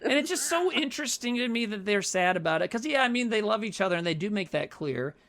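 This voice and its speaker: A man's voice: high-pitched, animated, quick pace, heavy background noise. A man co-hosting a podcast, recapping a horror movie in casual, swearing, rambling chat. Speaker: podcast co-host.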